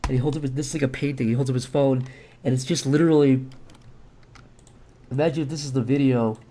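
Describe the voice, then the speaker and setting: Rambling, crude male streamer. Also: medium pitch. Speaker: streamer and animator. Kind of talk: casual live-stream chat while drawing.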